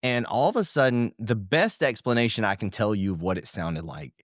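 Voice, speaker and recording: A man's voice: fairly low pitch, fairly quick, dry recording, studio quality. A man telling a story on a podcast, laughing often and acting out sounds. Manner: animated, laughs often, acts out sounds and quotes. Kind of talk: casual storytelling.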